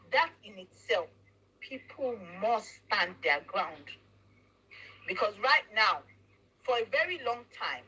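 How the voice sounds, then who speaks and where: Forceful woman host. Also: medium pitch, breathy edge, low-quality recording. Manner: emphatic, preachy, mixes in Yoruba phrases. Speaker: talk show host. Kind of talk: casual commentary chat.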